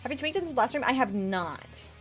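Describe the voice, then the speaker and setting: A woman's voice: a little high, animated, brisk, breathy edge, faint music behind. A young woman streaming, chatting casually with viewers, reading chat aloud and swearing freely. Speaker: VTuber streamer.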